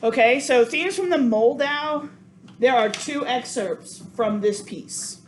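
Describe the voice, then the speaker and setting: A woman's voice: on the high side, lively intonation, takes it slowly. A woman teaching a cello sectional, counting beats aloud and apologizing often. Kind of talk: coaching a sectional. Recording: noisy room sound.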